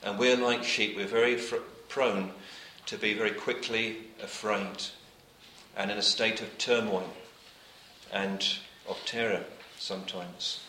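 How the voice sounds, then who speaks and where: A man preaching to a congregation, reading old scripture wording and then pressing each point home by repeating it. His voice is bright and clear, and it rings through an echoey church hall. His phrases often sink to a soft, quiet finish. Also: fairly low pitch, fairly even intonation, a little slow, a little hiss or hum. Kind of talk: sermon.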